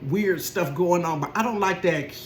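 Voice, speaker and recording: A woman in her forties telling a comedic story in a sassy, animated way, laughing often. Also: on the low side, moderate pace. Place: bedroom. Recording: roomy bedroom echo.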